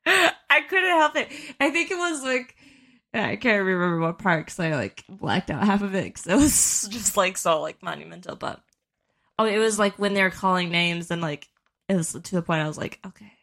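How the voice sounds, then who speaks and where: A woman's voice: fairly low pitch, lively intonation, moderate pace, creaky, fairly bright tone. A woman in her twenties co-hosting a podcast, chatting casually and telling a long story with plenty of fillers and restarts. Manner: rambling storytelling with many fillers. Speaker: podcast co-host. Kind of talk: casual chat.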